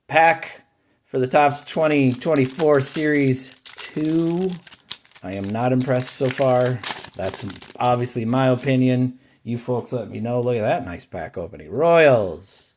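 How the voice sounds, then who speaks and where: Casually narrating as he opens card packs, this channel host calls out every card without hurry, alternately complaining and cheering. His voice is slow and drawn out at a middling pitch, with a slightly mellow quality.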